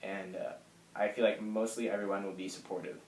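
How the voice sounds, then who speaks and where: A young man in his late teens speaks in a fairly low, soft voice, picking his way through a personal story with many pauses and fillers. The sound is roomy, with the echo of a bare room at home. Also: flat delivery. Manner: soft, halting, lots of fillers. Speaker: vlogger. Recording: echoey room.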